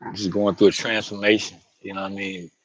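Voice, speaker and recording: A man's voice: on the low side, little pitch movement, quick pace, a bit bright, a little hiss or hum, poor audio. A man talking to camera outdoors in a loose, rambling monologue, slangy and profane, often laughing. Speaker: vlogger.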